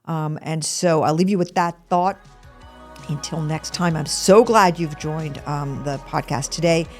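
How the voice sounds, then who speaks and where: A middle-aged woman hosts a podcast in a casual, conversational way. Her voice sits a little low, and she talks in an animated rush, often dropping one thought to start the next. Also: unhurried, faint music behind. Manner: animated and chatty, breaks off mid-sentence. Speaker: podcast host. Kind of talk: casual chat.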